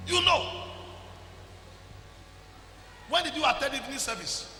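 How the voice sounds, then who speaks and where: A man with a Nigerian accent preaching a sermon as pastor, calling people forward and shouting at the peaks. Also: extremely high pitch, sing-song, unhurried, long pauses, reverberant, big-room sound, soft background music.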